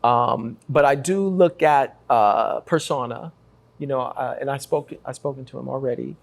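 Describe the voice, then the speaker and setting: A man from Africa hosting a talk show, energetic and joking as he teases his guests. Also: mid-range voice, normal speed, creaky. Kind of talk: lively talk show interview.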